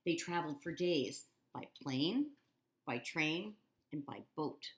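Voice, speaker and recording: A woman's voice: low voice, animated, slow. A woman reading a children's book aloud expressively, adding casual asides to her listeners. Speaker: storyteller.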